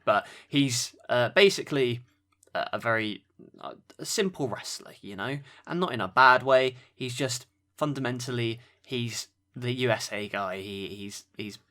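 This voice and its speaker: A man hosts a wrestling podcast, reviewing a match with dry play-by-play and sarcastic asides. His voice is medium-pitched and a bit bright.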